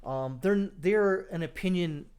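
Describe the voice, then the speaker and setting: A man with a fairly high voice hosts political commentary. He is sarcastic and scornful as he reacts to news clips, and he thinks aloud with plenty of fillers. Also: unhurried, darkish tone, smooth.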